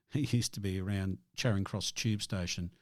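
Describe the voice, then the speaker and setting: A man's voice: low-pitched, fairly even intonation, measured pace, no room sound. A man co-hosting a casual music chat, tossing in questions and dry quips. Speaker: radio co-host.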